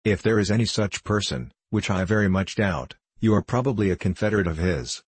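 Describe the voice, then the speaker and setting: A man's voice: on the low side, a little fast, slightly rough, no echo. A man doing a sneering rude train conductor. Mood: gruff. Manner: sneering, snappish.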